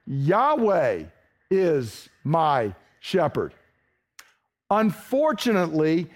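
A man preaching a sermon, teaching through rhetorical questions and slowing down hard on key phrases. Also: high-pitched.

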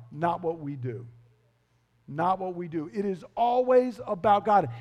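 High-voiced emphatic male preacher in a reverberant hall. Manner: emphatic, repeats key phrases, quizzes the congregation. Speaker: pastor. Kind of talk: expository sermon.

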